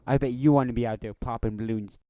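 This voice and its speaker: A man's voice: medium pitch, fairly even intonation, quick pace, dark tone, no room sound, highs cut off. A young man co-hosting a casual podcast, joking in a mock-sentimental way. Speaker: podcast co-host. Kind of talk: casual chat.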